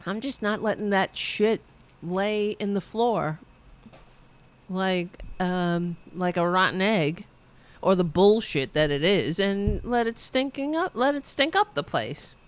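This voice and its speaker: A woman's voice: mid-range voice, animated, slow. A woman hosting political commentary, ranting in a profane, sarcastic and heated way and reading out viewer chat. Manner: reads viewer chat aloud.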